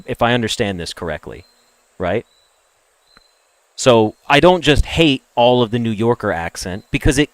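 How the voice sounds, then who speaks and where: A young American man chatting with viewers on a game stream, ranting and opinionated, jumping from loud emphatic bursts to low mutters. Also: no room sound. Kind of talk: casual chat with stream viewers.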